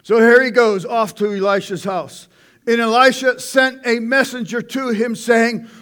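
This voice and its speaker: A man preaching a conversational sermon, swinging between loud outbursts and hushed asides. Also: very high voice, moderate pace. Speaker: pastor.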